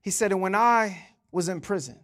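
Male pastor, very high voice, animated sermon delivery with playful asides. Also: moderate pace. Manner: animated, joking asides to the congregation.

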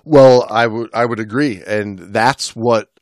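A man's voice: medium pitch, steady tone, a little slow, a little mellow, dry recording. Man hosting a casual chat, dry sound. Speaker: podcast host.

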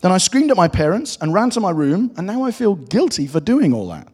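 A fretful little girl full of guilt, put on by a man reading a storybook talks in a raised, husky voice that leaps about. It sounds like it's coming through a large echoey hall. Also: high voice, big pitch swings, fairly quick, a little mellow, voice pushed up, full character voice. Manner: earnest, fretful pleading. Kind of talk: reading a children's storybook aloud.

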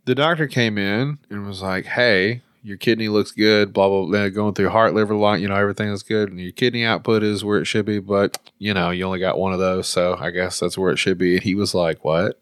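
A man's voice: lowish voice, fairly even intonation, a little fast, few pauses, a bit bright, smooth, no room sound, studio quality. A man in his thirties on a casual podcast, joking and swearing constantly.

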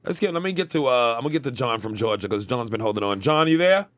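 A man's voice: medium pitch, animated, fast, fairly bright tone, dry recording. A man co-hosting a radio show in casual banter, joking and crude.

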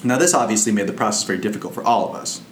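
A Buddhist monk with a lowish voice tells a story from his training in a loose, chatty Dharma talk. The sound is roomy and echoey, with a faint low rumble underneath. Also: very fast. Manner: conversational, loose and anecdotal.

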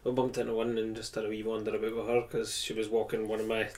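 A man's voice: on the low side, completely flat delivery, quick pace, a little mellow. A man, a podcast guest telling a rambling, chatty story full of restarts. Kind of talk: casual chat, anecdote telling.

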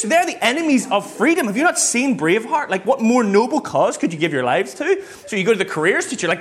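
Man, preacher, casual sermon, animated storytelling, lots of fillers, slightly high voice. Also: quick pace, few pauses.

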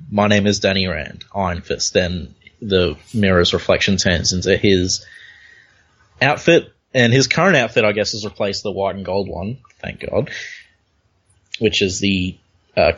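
A man's voice: lowish voice, moderate pace, a bit bright, husky. A man hosting a casual comic book chat, easygoing, walking through the panels step by step. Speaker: podcast host. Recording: dull lo-fi recording.

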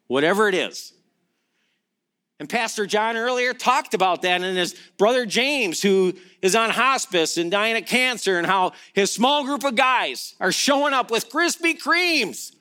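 A man's voice: high-pitched, expressive, moderate pace, sharp tone. A middle-aged man preaching a sermon as pastor. He speaks emphatically, asking rhetorical questions and repeating key phrases.

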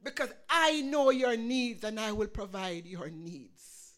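A woman's voice: a little high, lively intonation, takes it slowly, fairly bright tone. A woman preaching a sermon, quoting scripture and building to fervent emphasis.

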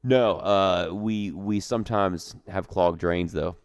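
A man co-hosting a podcast, trading goofy deadpan jokes in casual chat. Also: deep voice, takes it slowly, clear, resonant tone, dull audio. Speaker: podcast co-host.

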